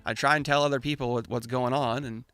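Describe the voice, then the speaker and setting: A man's voice: mid-range voice, fairly even intonation, quick pace, a bit bright, smooth, dry recording. A man hosting a casual, opinionated chat, ranting in slang and mocking the voices of the people he quotes. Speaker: crypto channel host.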